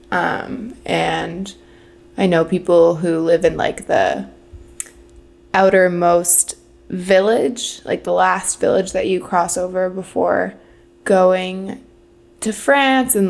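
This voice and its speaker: A woman's voice: lowish voice, creaky, a little mellow. A young adult woman co-hosting a casual podcast chat, talking loosely with many fillers. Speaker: podcast co-host.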